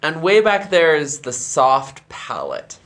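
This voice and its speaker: Guy teaching choir singing, slowish and a bit high-voiced, shows the sounds himself. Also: huge pitch swings, fairly bright tone. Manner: demonstrates sounds with his own voice while explaining. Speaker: ward choir director. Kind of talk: vocal technique tutorial.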